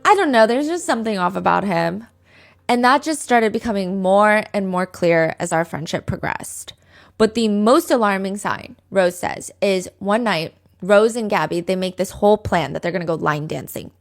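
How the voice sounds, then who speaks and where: A woman hosting a true crime podcast, retelling a case in a chatty, casual way full of "like" fillers and quick asides. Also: medium pitch, creaky. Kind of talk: casual storytelling chat.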